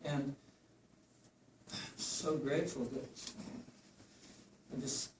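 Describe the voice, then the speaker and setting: A man speaking at a memorial gathering in halting, emotional remarks that trail off. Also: mid-range voice, steady tone, background noise. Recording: echoey room, far from the mic, guitar behind.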